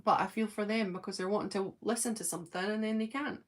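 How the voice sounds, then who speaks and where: A middle-aged Scottish woman hosting a fan live stream. She reads the chat and answers it, chatty and giggly, laughing at herself and filling pauses with lots of ums. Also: mid-range voice, fairly even intonation. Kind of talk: casual live-stream chat, reading comments.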